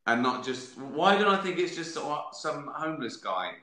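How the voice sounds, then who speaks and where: A man's voice: a little high, sing-song, moderate pace, sharp tone, echoey room. A man hosts a casual live stream from home, answering viewer questions in a sardonic, swearing, rambling way. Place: at home, sitting with a beer.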